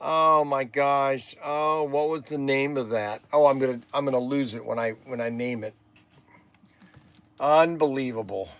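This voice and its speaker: A man's voice: medium pitch, normal speed, no room sound. An older man hosting a livestream, rambling and exasperated, sighing while he chats. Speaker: livestream host.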